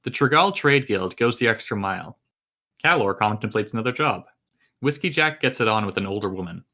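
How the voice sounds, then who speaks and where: Wry man co-host with a bright, forceful voice reading chapter recaps. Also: on the low side, animated, brisk. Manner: wry, joking. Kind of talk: casual book-club chat.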